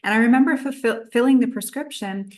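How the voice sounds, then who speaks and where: A woman's voice: on the high side, a little fast. A woman in her thirties, a nutritionist guest on a podcast, telling her own story in a chatty way and acting out her past thoughts.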